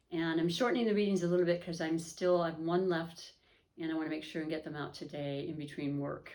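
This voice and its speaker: A woman's voice: lowish voice, a little mellow. A woman hosting an astrology and tarot reading, talking to viewers in a chatty, upbeat way with many fillers and restarts. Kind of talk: casual spoken reading to camera.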